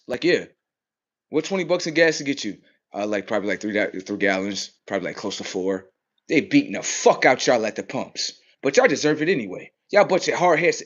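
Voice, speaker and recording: Man ranting hard in lo-fi audio. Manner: aggressive, cursing, mocking; swings between loud outbursts and low mutters. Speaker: vlogger. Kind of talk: profane street rant.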